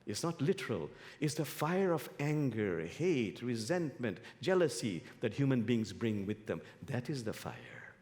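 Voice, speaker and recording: A man voicing a calm guardian angel. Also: medium pitch, a little slow, hardly any pauses. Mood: explaining. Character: calm guardian angel of hell, explaining patiently. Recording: long hall reverb.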